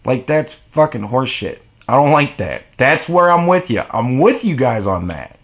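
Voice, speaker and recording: A man's voice: medium pitch, lively intonation, normal speed. A man delivering a blunt, profane, exasperated rant to camera as a vlogger. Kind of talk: ranting monologue to camera.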